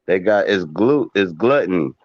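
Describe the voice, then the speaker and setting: A man's voice: low-pitched, expressive, moderate pace, no room sound, lo-fi sound. A man in casual podcast chat, making emphatic arguments backed by examples.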